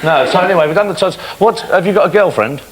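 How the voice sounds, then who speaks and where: A man's voice: high voice, fast talker. A middle-aged man hosting a studio show, teasing a child and spinning tall tales. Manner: teasing, spins tall tales, lively storyteller. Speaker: TV show host. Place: TV studio with a live audience. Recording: loud audience laughter and studio noise.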